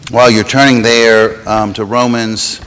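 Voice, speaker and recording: A man's voice: mid-range voice, little pitch movement, measured pace, fairly bright tone, clean tone. Man preaching in a reverberant church. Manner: reads scripture dramatically, raising voice on quoted cries. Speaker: pastor. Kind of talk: sermon with scripture reading.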